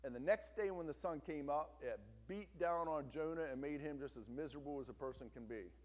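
A man's voice: on the high side, brisk, big-room sound. A male pastor preaching a sermon, telling a story with emphatic turns and urging the congregation to listen.

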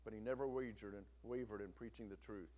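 A man's voice: on the low side, steady tone, fast talker, mellow, big-room sound. A male pastor preaching a sermon, telling a story with emphatic turns and urging the congregation to listen.

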